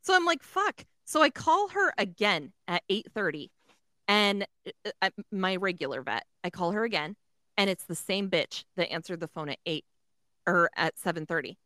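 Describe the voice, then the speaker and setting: A woman's voice: fairly low pitch, very animated, normal speed, sharp tone, no echo, studio quality. A woman telling a story in casual chat, swearing often, filling with "like" and acting out the other voices. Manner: swears a lot, fills with "like", acts out voices.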